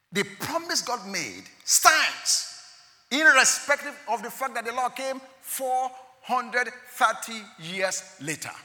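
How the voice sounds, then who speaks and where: A man delivers a sermon in a high, very bright voice. His delivery is animated, leaping between loud emphatic rises and quiet drops. The sound carries a long hall echo. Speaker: preacher.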